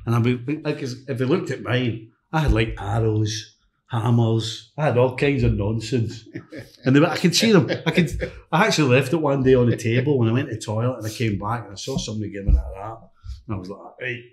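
A middle-aged man, a former footballer and coach, tells lively anecdotes as a guest on a casual chat podcast. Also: medium pitch, fairly quick. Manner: anecdotal, lively, mimics others in quotes. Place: hotel room podcast set. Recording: roomy echo.

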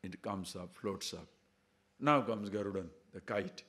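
A man giving a spiritual discourse, telling a fable in an animated way and checking in with his listeners as he goes. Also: deep voice, measured pace. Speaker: spiritual teacher.

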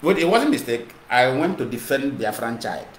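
In an echoey room with noticeable noise, a Nigerian Igbo-accented activist broadcaster speaks at normal speed in a very animated, medium-pitched voice. His impassioned monologue switches between English and Igbo and repeats points.

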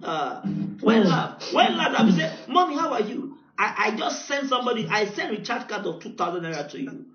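A man with a Nigerian accent preaching a sermon as pastor, telling a story and building to shouted decrees. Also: high-pitched, sing-song, a little fast, a loud crowd. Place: church hall. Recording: echoey, dull church recording.

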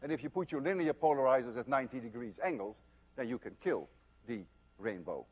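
An older man giving a university physics lecture, telling stories in an animated, emphatic way. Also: medium pitch, brisk, slightly rough. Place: lecture hall.

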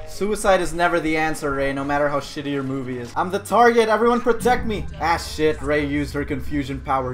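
A man giving jokey, excitable gameplay commentary who often bursts into shouts. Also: a little high, fairly quick, hardly any pauses, soft background music. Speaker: gaming YouTuber.

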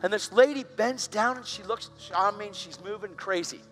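A man's voice: high voice, moderate pace, fairly bright tone, faint music behind. A man preaching, telling a story with strong feeling and rising into fervent prayer. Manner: emotional, builds to fervent prayer. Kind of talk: storytelling sermon.

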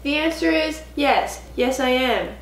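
Young woman, vlog co-host, chatty with lots of fillers, bright-pitched, roomy sound. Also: unhurried. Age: young adult. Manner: chatty, laughing, many fillers. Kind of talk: casual couch chat. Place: home living room couch.

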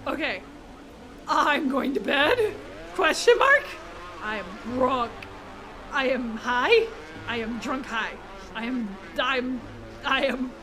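A woman streaming a game live, excitable and talking to herself and the chat, laughing and swearing often. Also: high voice, slow, long pauses, slight background noise. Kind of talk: live gameplay commentary.

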